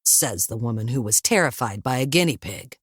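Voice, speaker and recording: A woman voicing a gruff older father with a dry, teasing manner. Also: very deep voice, expressive, fairly quick, dry recording, voice pushed down, full character voice.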